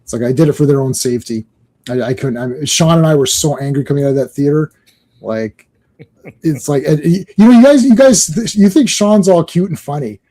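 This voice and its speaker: Brief: middle-aged male co-host, fairly high, mellow voice, animated rambling storyteller. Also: fairly quick. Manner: animated, rambling storyteller who laughs often. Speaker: podcast co-host. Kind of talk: casual chat.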